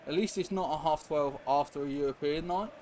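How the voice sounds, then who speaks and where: Young man, live-stream chat, rambling, reacting to chat, slightly high voice. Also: brisk, a little mellow. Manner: rambling, chatty, reacts to chat and game mid-sentence. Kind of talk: casual live-stream chat while gaming. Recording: noisy background hiss.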